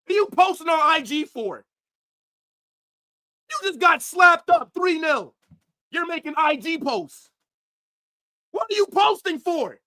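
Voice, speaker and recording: A man ranting angrily on a football livestream, profane, swinging from shouts to low mutters. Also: big pitch swings, a little slow, pauses often. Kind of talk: livestream rant.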